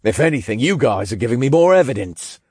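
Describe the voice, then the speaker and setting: A man's voice: mid-range voice, big pitch swings, fast talker, darkish tone, slightly rough, dry recording, studio quality, pitched above the performer's own voice. A man voicing a smug male paranormal celebrity who drawls and sneers.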